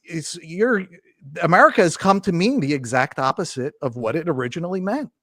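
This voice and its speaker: An earnest male guest makes his case with conviction in a relaxed interview. His voice sits a little higher than most men's, and it is recorded dry and close. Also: brisk, no room sound. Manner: earnest, impassioned argument. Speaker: podcast guest. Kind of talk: casual conversational interview.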